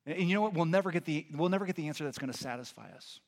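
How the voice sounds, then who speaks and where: A man, a pastor, delivering a sermon, moving between earnest teaching and animated storytelling. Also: on the high side, racing. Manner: animated storytelling with lively impressions.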